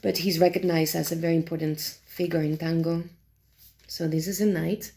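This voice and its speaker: Woman, low gravelly voice, casual tarot vlogger, animated and exasperated, swears, lots of restarts. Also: normal speed. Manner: many fillers and restarts. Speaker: tarot deck reviewer. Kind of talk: casual chat.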